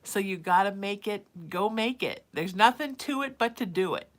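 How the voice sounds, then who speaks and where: On a live stream, a middle-aged woman gives casual psychic advice, reading viewers' messages aloud and then answering them. She's chatty and calls people sweetie, with a medium-pitched, animated voice at a moderate pace.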